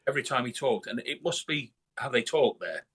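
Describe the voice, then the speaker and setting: A man's voice: mid-range voice, expressive, brisk, fairly bright tone, breathy edge. A man from northern England talking bluntly in a casual interview, swearing a lot and restarting his sentences. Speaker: guest musician.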